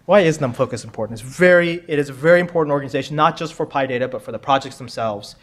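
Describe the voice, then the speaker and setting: A man's voice: mid-range voice, rapid-fire. A man hosting a pub quiz at a tech conference, chatty and joking, often repeating himself. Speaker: quiz host. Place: conference room with audience.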